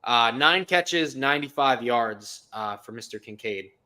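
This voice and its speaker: A man co-hosting a casual sports podcast, loud and jokey, swearing freely as he gives his picks. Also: mid-range voice, lively intonation, a little slow. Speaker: podcast co-host.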